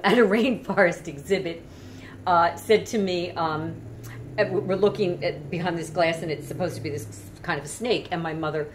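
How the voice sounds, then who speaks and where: A woman telling a travel story in a relaxed, chatty way, with lots of fillers and restarts. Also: on the low side, a little hiss or hum. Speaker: travel vlogger. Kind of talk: casual storytelling.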